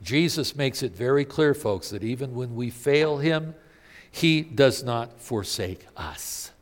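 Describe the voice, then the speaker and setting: Animated preacher man in a reverberant hall. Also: mid-range voice, takes it slowly. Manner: animated, emphatic preaching with rhetorical questions. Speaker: pastor. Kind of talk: sermon.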